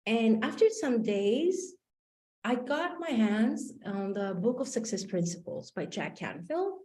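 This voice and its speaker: A woman life coach tells a personal story in a lively, expressive way, acting out each exchange. Her voice sits a little high and ranges widely. The room gives her voice a clear echo. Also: takes it slowly. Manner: animated storyteller acting out dialogue. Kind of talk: motivational storytelling talk.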